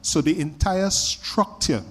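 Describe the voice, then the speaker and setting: Guy on a festival panel, slow careful answer, keeps restarting words. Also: fairly high pitch, breathy edge, in a large hall. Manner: measured, halting with repeated restarts. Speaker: panelist, former security official.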